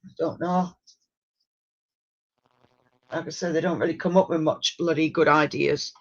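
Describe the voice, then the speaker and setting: A woman's voice: deep voice, steady tone, measured pace, lo-fi sound. A woman chatting casually, muttering blunt asides and mild curses to herself. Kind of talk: casual chat.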